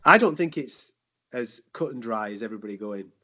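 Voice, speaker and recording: Animated man, husky voice. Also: medium pitch, brisk. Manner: animated, rhetorical questions, swears, British slang. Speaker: sports presenter, podcast guest. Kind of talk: casual podcast chat. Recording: dull lo-fi podcast audio.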